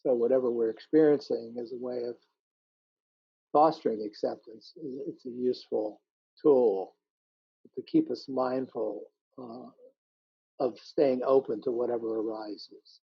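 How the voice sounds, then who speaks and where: A man giving a calm, measured dharma talk as a meditation teacher over a video call. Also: mid-range voice, creaky, husky, dry recording. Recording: muffled video call audio.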